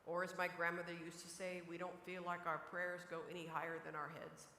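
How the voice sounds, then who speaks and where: A woman pastor preaching a sermon from the pulpit, telling a Bible story in an animated way and quoting scripture. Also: fairly low pitch, a little fast, slight background noise. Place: church sanctuary, at the pulpit. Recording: echoey church hall, faint ambience.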